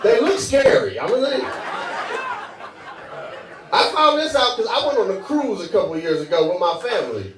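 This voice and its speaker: A man doing a stand-up comedy set on a club stage, loose and chatty, laughing at his own jokes. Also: sits high. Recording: echoey club, mic at a distance, crowd.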